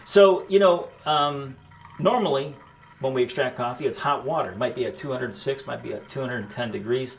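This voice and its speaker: A middle-aged man hosting a home coffee cocktail demo, explaining each step in a relaxed, chatty way. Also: mid-range voice, moderate pace, creaky. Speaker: host making a coffee cocktail. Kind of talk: casual cooking demo chat.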